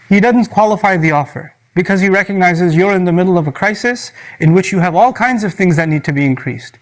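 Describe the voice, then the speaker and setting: A middle-aged man giving a lively sermon-style lecture, acting out quoted voices, joking with the audience and explaining Arabic terms. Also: sits high, a little fast, hardly any pauses. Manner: animated, acts out quoted voices and jokes with the audience; uses Arabic terms in his talk. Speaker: Islamic speaker.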